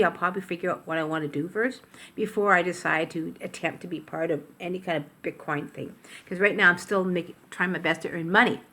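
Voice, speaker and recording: A medium-pitched, slightly bright voice belongs to an older woman from Canada chatting casually to the camera in her home kitchen. She meanders and rambles, breaks in on herself with self-corrections, and records it all on a tablet.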